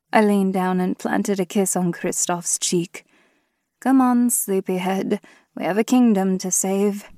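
A woman narrating a first-person fantasy audiobook in a measured, steady way. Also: mid-range voice, no room sound, studio quality.

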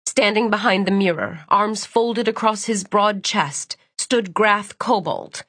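A woman narrating a novel in a measured, even storytelling voice. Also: medium pitch, breathy edge, dry recording. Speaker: audiobook narrator. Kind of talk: scripted audiobook narration.

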